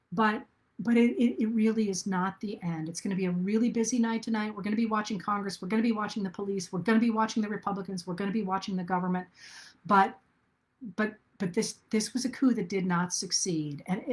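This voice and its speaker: A middle-aged woman hosting a live video talk to her viewers, earnest and thinking aloud, with restarts and fillers. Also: medium pitch. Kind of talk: casual live-stream talk.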